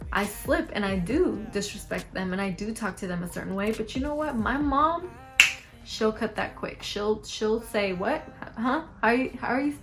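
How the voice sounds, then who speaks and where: A young woman vlogger talking frankly to camera, giving advice and acting out lines of dialogue. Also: mid-range voice. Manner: frank, animated, acts out quoted lines.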